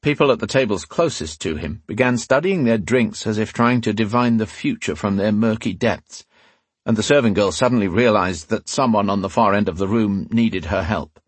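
A man reads a fantasy novel aloud in a measured, dramatic way. His voice sits low with a husky grain. The recording is close and dry, with no room sound. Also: dry recording. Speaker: audiobook narrator. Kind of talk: scripted fantasy narration.

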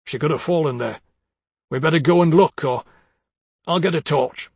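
Man reading as worried young husband, urgent, husky voice, audiobook. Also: fairly high pitch, normal speed, no room sound, voice pushed up.

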